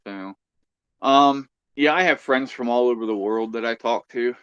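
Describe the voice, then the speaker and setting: A man's voice: mid-range voice, normal speed, fairly bright tone, clear, resonant tone, dry recording, dull audio. A man hosting a casual livestream chat, easygoing and chatty, reading out viewer comments. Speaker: livestream host.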